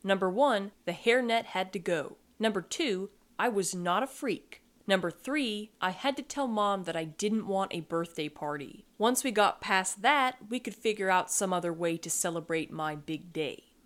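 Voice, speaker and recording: A woman reading a first-person story aloud as podcast host, wry and expressive. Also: medium pitch, moderate pace, hardly any pauses.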